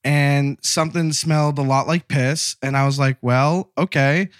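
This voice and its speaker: Man in his thirties, caller, chatty storyteller, slightly high voice, very dry. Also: moderate pace, clear, resonant tone, no room sound. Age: 30s. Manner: animated, laughing, acts out coworkers' lines. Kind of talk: casual storytelling.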